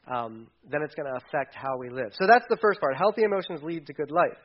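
A man delivering a sermon with a slightly high voice, talking to the congregation like a conversation. He drops to soft, quick asides, then climbs to loud, emphatic peaks. The sound is muffled and lo-fi. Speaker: pastor.

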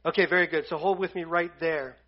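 A man with a high voice teaches a Bible lesson to a group and keeps it casual and joking. He retells scripture in everyday slang. The recording sounds dull and lo-fi. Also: steady tone, fast talker.

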